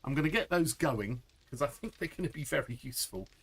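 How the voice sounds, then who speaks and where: A man's voice: a little high, expressive, brisk, husky. A middle-aged man chatting through a live gameplay stream, laughing often and answering chat. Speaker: game streamer.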